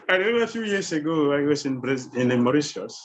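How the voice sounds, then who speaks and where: A man's voice: fairly high pitch, very animated, moderate pace, rough recording. A man teaching a scripture class who keeps quizzing his listeners with questions and chuckles as he goes. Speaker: spiritual teacher.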